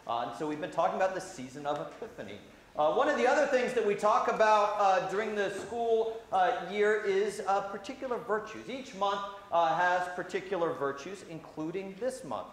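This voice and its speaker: A man, a priest, giving a gentle, conversational children's sermon with many "uh" fillers in a church sanctuary. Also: sits high, expressive, normal speed. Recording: very echoey church hall, faint hiss.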